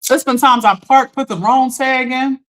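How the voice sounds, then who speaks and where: A woman hosting a live stream, telling a story in an animated, chatty way, talking straight to her viewers and laughing often. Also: high-pitched, moderate pace. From Philadelphia. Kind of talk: casual storytelling to a live audience.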